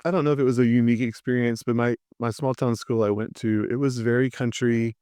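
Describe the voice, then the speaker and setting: Smooth-voiced man telling teaching stories. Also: mid-range voice, fast, no room sound, clean studio sound. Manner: animated storyteller who acts out quoted voices. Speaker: theater arts teacher, podcast guest. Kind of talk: casual storytelling conversation.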